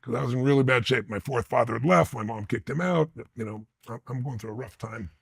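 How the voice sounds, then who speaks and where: A man's voice: medium pitch, fast, creaky, breathy edge, dry recording. A man being interviewed, telling personal stories with intensity and blunt emphasis. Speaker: interview guest. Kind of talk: animated personal storytelling.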